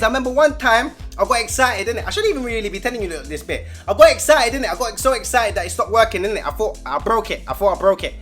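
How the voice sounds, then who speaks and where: A young man with a London accent telling a comic story from his school days in loud, animated street slang. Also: high voice. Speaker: vlogger.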